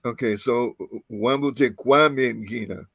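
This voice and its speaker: A man working as a student through a language lesson. He is careful and hesitant, and his voice has a gravelly edge. He is recorded dry and close. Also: mid-range voice, slow, fairly bright tone, no room sound.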